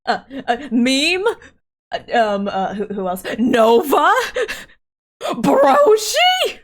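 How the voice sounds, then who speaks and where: A woman's voice: a little high, lively intonation, slow. A woman streamer chatting casually on a live stream into her microphone, giggly and flustered, often laughing and cutting herself off. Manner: giggly and flustered, frequent laughs and self-interruptions. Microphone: desk microphone.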